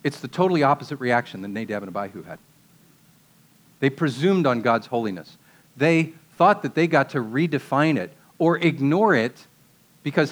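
A man's voice: mid-range voice, lively intonation, normal speed. A man preaching a sermon in a conversational way, asking rhetorical questions and dropping casual asides.

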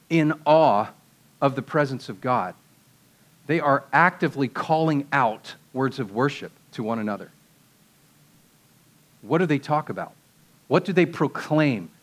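A man preaching a sermon in a conversational way, asking rhetorical questions and dropping casual asides. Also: mid-range voice.

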